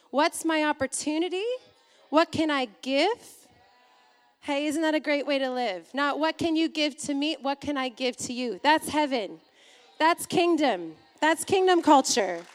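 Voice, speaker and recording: A woman in her thirties preaching a sermon, chatty and animated, with personal stories and asides. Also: high voice, big-room sound. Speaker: pastor.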